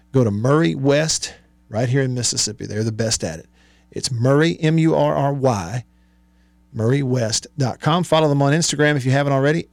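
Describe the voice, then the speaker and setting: A mid-range male voice, recorded with no echo in a radio studio, belongs to a talk-show host. He chats loosely about sports, laughs often, and reads sponsor plugs.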